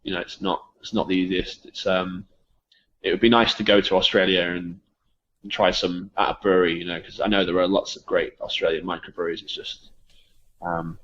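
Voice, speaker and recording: A low-voiced English man talks beer in an easygoing, rambling way, his phrases often fading out quietly. The sound is dull and a little lo-fi. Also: fairly quick, a little hiss or hum. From England. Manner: relaxed, rambling, trails off softly. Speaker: guest from a beer shop. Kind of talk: casual chat.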